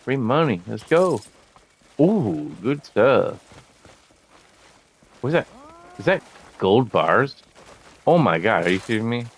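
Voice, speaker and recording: A man giving casual, profane commentary while playing a video game, often laughing and getting excited. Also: on the low side, takes it slowly, long pauses, husky. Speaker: gamer showing a game.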